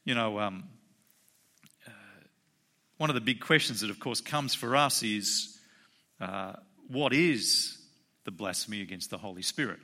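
A man preaching a sermon in a conversational way, acting out the quoted voices with sudden jumps in pitch. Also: measured pace, pauses often. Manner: animated, acts out quoted voices with rising pitch; conversational, with fillers. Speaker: pastor.

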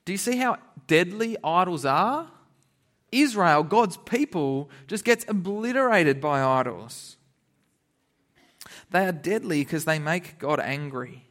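Animated high-voiced man teaching kids. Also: a little slow. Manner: animated, laughing, acts out characters. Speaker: children's Bible teacher. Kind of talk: lively kids' sermon.

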